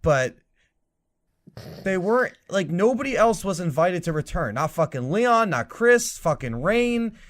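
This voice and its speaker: A young man co-hosting a casual podcast, with a voice that sits fairly high for a man. He talks in an animated, profane rush, mocking the scenes he retells. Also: measured pace. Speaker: podcast co-host.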